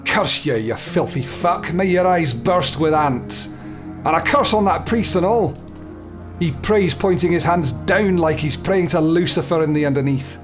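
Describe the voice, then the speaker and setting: A man's voice: on the high side, over music, pitched above the performer's own voice, close to an everyday voice. Man doing a spiteful old Scots crone. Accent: put-on Scottish. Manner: slow, spitting curses. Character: cursing mad old village crone, spiteful.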